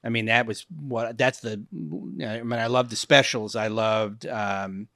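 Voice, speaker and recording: A man's voice: on the low side, level tone, unhurried, a bit bright, no echo, studio quality. A man in his fifties, a guest comedian, chatting casually on a podcast, rambling and searching for words as he goes. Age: 50s. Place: podcast studio.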